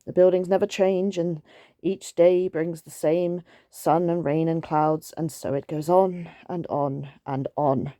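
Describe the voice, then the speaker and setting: A woman voicing an ancient female tortoise, speaking slowly and wearily. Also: low voice, steady tone, mellow, dry recording, clean studio sound. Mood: weary. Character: weary ancient female tortoise, slow and sad.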